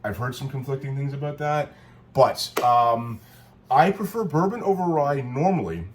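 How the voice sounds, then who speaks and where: Speaking at a moderate pace, this man has a medium-pitched, animated voice. He co-hosts a cocktail video, demonstrating a drink at home in a relaxed, rambling chat where he jokes and corrects himself.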